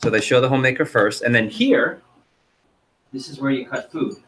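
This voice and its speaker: A man's voice: mid-range voice, moderate pace, a bit bright. Male sales trainer, chatty and upbeat, quizzing a seminar audience, mid-range voice. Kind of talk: interactive training seminar talk.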